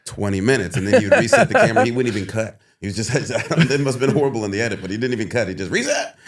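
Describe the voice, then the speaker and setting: A man in his thirties, an actor guest on a podcast, telling animated stories, laughing often and acting out other people's lines. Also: very fast, a loud crowd. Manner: laughs often, acts out others in high voices. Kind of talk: animated storytelling.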